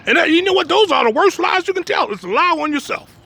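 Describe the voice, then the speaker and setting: A man's voice: very high-pitched, animated, quick pace, gravelly, sharp tone, slight background noise. A man preaching in a blunt, emphatic way. He keeps asking "you understand me?" and drops streetwise jokes between points. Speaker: religious teacher. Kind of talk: preaching talk.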